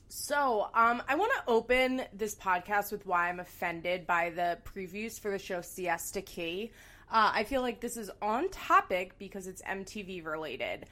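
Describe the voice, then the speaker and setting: A young woman hosts her podcast in loose, casual chat, her voice nasal and stuffy from a sinus infection. She talks at an ordinary pitch and rants freely, peppering her talk with swearing. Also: lively intonation, a little slow, bright, forceful tone. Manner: profane ranting, swearing often. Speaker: podcast host.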